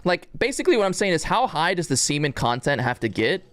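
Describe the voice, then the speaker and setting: A man's voice: fairly high pitch, fast talker. A young man streaming a game live, chatting casually with crude jokes and frequent laughter. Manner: animated, laughing, crude joking. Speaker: gaming streamer.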